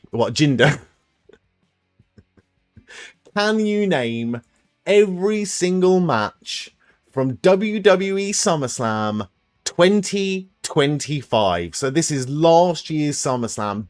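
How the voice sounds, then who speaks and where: Animated man hosting a live stream. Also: mid-range voice, no room sound, studio quality. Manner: thinks aloud, swears freely, quick laughs. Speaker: watch-along stream host. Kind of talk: casual live stream chat, playing a guessing quiz with viewers.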